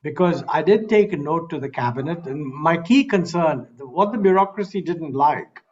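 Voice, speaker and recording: A man with an Indian English accent answering a criticism on a panel, measured with frequent hesitations. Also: fairly high pitch, lively intonation, a little mellow, dull audio. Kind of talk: panel discussion.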